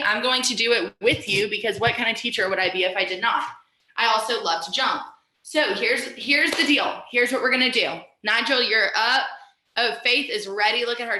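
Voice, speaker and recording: A woman teacher with a fairly high, bright voice leads a mindfulness lesson over a video call. She talks straight to her students in an upbeat, encouraging way. Her voice carries a roomy echo.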